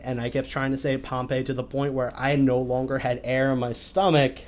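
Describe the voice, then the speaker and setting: A man's voice: medium pitch, flat delivery, normal speed, a little mellow. Young man reading posts with sarcastic asides. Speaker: podcast host. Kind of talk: casual chat, reading posts aloud.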